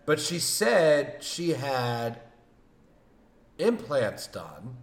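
A man co-hosting a casual podcast, telling a story in an animated way and cursing freely. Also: medium pitch, drawn-out words, roomy sound. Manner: animated storytelling, acts out quoted lines, swears a lot. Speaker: podcast co-host. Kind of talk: casual chat.

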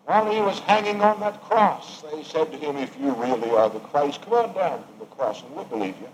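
Male preacher, slightly high voice, dramatic loud-soft sermon delivery, faint hiss behind. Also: expressive, a little fast, rough recording. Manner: emphatic preaching with wide swings between loud and hushed.

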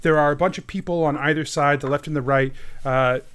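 A man's voice: fairly high pitch, fairly even intonation, fairly quick, fairly bright tone, clear, resonant tone. A man running a tabletop game as game master, narrating in a loose, chatty way with many fillers and frequent laughs.

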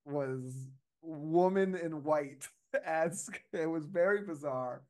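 Rambling, slightly high-voiced man telling a story. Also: slow pace, a little mellow. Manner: rambling, hesitant storytelling with fillers and restarts. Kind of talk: casual podcast chat.

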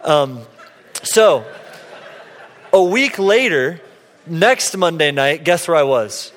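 Animated male preacher in an echoing hall. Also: high-pitched, slow pace, pauses often. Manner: animated, playful, quotes himself and others. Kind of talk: sermon storytelling. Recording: long hall reverb.

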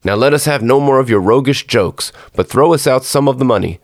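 Storybook thieves, a man reading them as sly and jumpy, talking in nervous hushes. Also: mid-range voice, brisk, close to an everyday voice. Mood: furtive.

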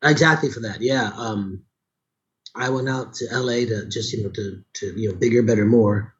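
A middle-aged voice actor and audiobook narrator from Chicago chats casually with a sore throat, heard in lo-fi sound. His fairly low voice moves at normal speed. The conversation rambles, with many restarts and asides.

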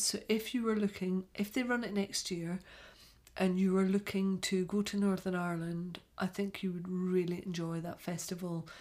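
A woman from Scotland, a yarn vendor and podcaster, chatting casually and telling stories in a lively way. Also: lowish voice. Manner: chatty, animated storytelling. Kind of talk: casual chat.

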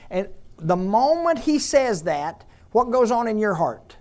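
Guy preaching, chatty, fires questions at the pews, goes soft and hushed on the tender bits. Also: high voice, sing-song, unhurried, few pauses. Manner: conversational preaching, asks the congregation questions; drops to a soft hush on tender points. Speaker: pastor. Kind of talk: sermon.

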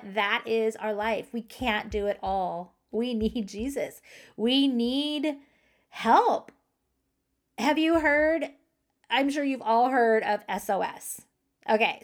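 A woman hosting a faith-based podcast for moms, talking earnestly and directly to her listeners. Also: a little high. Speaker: podcast host.

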